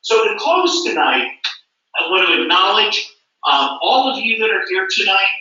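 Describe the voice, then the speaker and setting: A man's voice: sits high, big pitch swings, normal speed, pushed and bright. A man giving a motivational stage speech at a company event, emphatic and repetitive. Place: large event hall. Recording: echoey hall from far off, dull.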